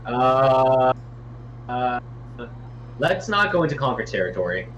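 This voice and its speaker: A man's voice: mid-range voice, big pitch swings, slow, fairly bright tone, dull audio, a little hiss or hum. A man co-hosting a game stream, dropping wry side remarks. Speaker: stream co-host. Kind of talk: casual gameplay commentary.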